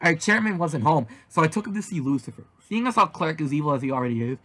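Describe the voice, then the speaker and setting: Husky man reading a fan story. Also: fairly high pitch, fast talker. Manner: animated, with shouted outbursts. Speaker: reader.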